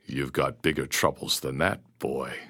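A man voicing a gruff pirate captor who growls and mocks his prisoner in a storybook reading. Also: extremely low pitch, fairly even intonation, a little slow, sharp tone, pitched below the performer's own voice, exaggerated voice. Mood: mocking. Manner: growling, mocking.

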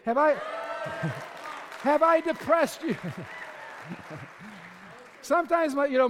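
A male pastor preaching a sermon with passion, swinging from shouts to conversational asides with the congregation. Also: very high-pitched. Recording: long hall reverb.

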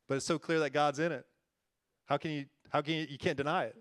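A man's voice: fairly high pitch, fairly even intonation, moderate pace, long pauses, fairly bright tone, no room sound, clean studio sound. A man preaching a conversational sermon as a church-planting pastor, earnest and folksy, often chuckling and repeating himself.

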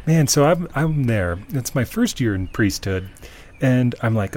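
A man, a priest, chatting casually outdoors and acting out his stories with lively energy. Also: medium pitch, a little slow. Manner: animated, acts out his stories. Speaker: priest, podcast co-host. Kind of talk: casual chat, storytelling.

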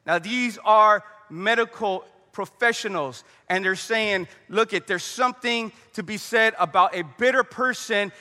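Bright-voiced man preaching in a reverberant hall. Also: sits high, unhurried, hardly any pauses. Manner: conversational preaching with storytelling and prayer. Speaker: pastor. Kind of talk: sermon.

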